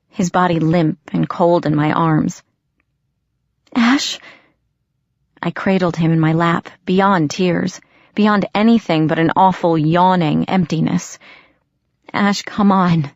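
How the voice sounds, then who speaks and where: A woman narrating a novel in first person, measured and unhurried. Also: on the low side, steady tone, dry recording, highs cut off. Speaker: audiobook narrator.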